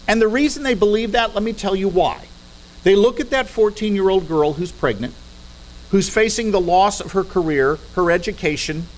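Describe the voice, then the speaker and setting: Middle-aged man, guest speaker, podium mic, persuasive, rhetorical questions, dry wit, slightly high voice. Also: a little hiss or hum, rough recording. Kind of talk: persuasive public talk. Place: church hall at a podium.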